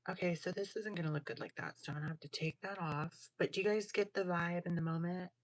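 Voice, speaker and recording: A woman's voice: on the low side, fairly even intonation, quick pace, dry recording. A woman hosting a casual livestream, chatting in a sassy, slangy way while crafting jewelry. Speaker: livestream host.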